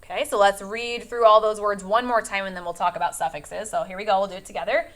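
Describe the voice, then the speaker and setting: A woman teacher giving a phonics lesson, with clear, patient instructions and frequent check-ins. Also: medium pitch, steady tone, quick pace. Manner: clear, patient classroom instructions with lots of okays.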